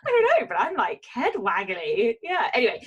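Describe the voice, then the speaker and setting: A woman's voice: on the high side, huge pitch swings, normal speed, breathy edge, muffled recording. A woman co-hosting a podcast in casual chat, talking chattily, laughing often and swearing casually. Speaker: podcast co-host.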